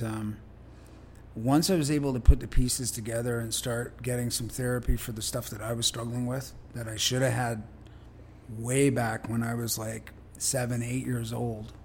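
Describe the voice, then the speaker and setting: A man's voice: medium pitch, a little hiss or hum. A man from Canada, a guest in an interview, speaking candidly in an earnest, reflective way with frequent restarts.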